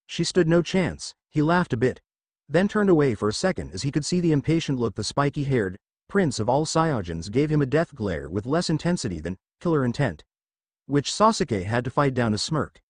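A man's voice: mid-range voice, sing-song, a little fast, no echo, clean studio sound. A man reading a fan fiction story aloud as narrator.

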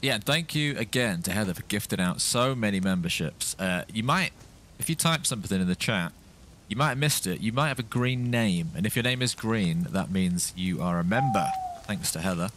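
A man's voice: lowish voice, lively intonation, normal speed, fairly bright tone. A man co-hosting a live game stream, chatting casually and thanking viewers by name. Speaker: streamer co-host.

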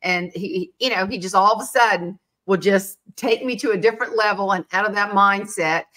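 A woman's voice: mid-range voice, fairly quick. A middle-aged woman hosting a chat, telling self-mocking stories and acting out what people said. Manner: animated, self-mocking, acts out quotes. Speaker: podcast host. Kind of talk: casual storytelling chat.

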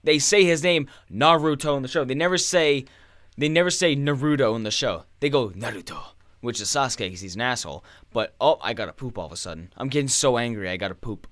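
A man's voice: mid-range voice, fast, a bit bright, dry recording. A young man chatting casually while playing a game, rambling and swearing as he rants. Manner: profane, ranting, rambling. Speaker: gaming streamer. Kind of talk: casual gameplay commentary.

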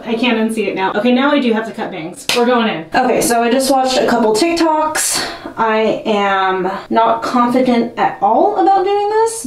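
A young woman talks to her camera in a nervous, self-mocking ramble, her voice sitting a little high. She's a step back from the mic in an echoey room at home. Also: a little mellow. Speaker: vlogger. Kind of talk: casual talking to camera while cutting a wig. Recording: roomy and a bit distant from the mic.

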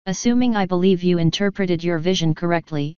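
A woman's voice: fairly low pitch, brisk, mellow, smooth, no echo, muffled recording, close to an everyday voice. A woman reading Sunset, a lecturing unicorn mare. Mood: deadpan. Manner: exasperated, lecturing. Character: ambitious female unicorn ruler, exasperated and certain.

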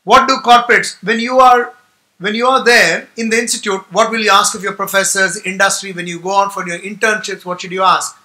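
A man's voice: high-pitched, fairly even intonation, brisk, sharp tone. A man giving a motivational talk to students, telling stories and repeating key points for emphasis. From India. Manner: storytelling, emphatic repetition. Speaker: guest speaker to management students.

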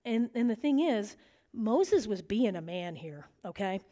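A middle-aged woman teaching a bible study, lively and animated, acting out the voices in the stories she tells. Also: mid-range voice, a little slow. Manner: animated, acts out quoted voices.

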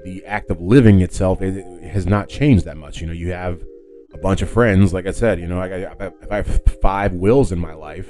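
A man with a low, dark voice hosts a solo podcast, chatting loosely and circling back on himself as he talks. His delivery is unscripted, full of fillers and restarts. Faint music sits underneath. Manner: rambling, with many fillers and self-corrections. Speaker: podcast host. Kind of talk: casual solo podcast talk.

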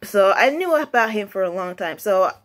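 Young woman rambling through a story, lots of restarts, gets squeaky when excited. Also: normal speed. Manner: rambling, many restarts and quoted asides; lively pitch jumps when excited. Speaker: vlogger. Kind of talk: casual storytelling monologue.

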